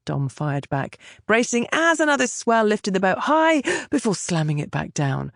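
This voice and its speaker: A woman narrating a historical romance audiobook with expressive storytelling. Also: fairly low pitch, normal speed, creaky, no echo, studio quality. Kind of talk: scripted narration.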